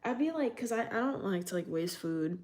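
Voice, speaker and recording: A young woman from New York talks to her live chat in a loose, casual way. She laughs often and stays animated as she reacts to the messages. Her voice sits at an ordinary middle pitch for a woman. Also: fairly quick. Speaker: streamer reading live chat.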